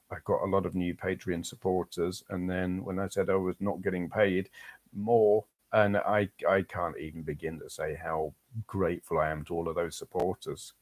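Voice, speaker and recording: Loose, easygoing live-stream chat from a very low-voiced English man who rambles along, replies to comments from viewers, and drifts between subjects.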